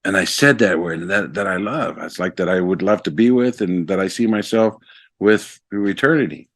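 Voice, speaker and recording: A man in his fifties, a guest speaker, telling a personal story in a casual, animated way. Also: deep voice, normal speed, no room sound. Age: 50s. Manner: animated, acts out both sides of a remembered conversation.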